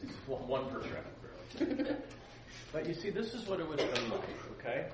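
A man preaching a sermon, telling a story with animated delivery and acting out the voices in it. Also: fairly high pitch, moderate pace, noisy background. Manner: animated, acts out voices in his stories. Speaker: pastor leading a Bible study. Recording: roomy, distant mic with faint ambience.

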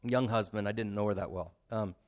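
Young guy pastor preaching casual and chatty, smooth clear voice, pokes fun at himself. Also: on the low side, steady tone. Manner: conversational, self-deprecating, slows for emphasis. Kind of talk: sermon.

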